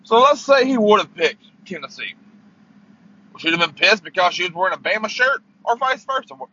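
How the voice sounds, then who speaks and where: A man's voice: sits high, lively intonation, a little fast, bright, forceful tone, a little hiss or hum. Heated, swearing man ranting in a car. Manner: profane, heated, stammering. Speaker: podcast host. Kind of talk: angry sports rant. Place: parked car. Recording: muffled lo-fi car recording.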